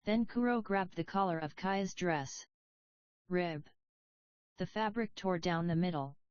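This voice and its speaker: Slow, measured female audiobook narrator. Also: on the low side, a little mellow, dry recording. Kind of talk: scripted story narration. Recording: dry, slightly dull audio.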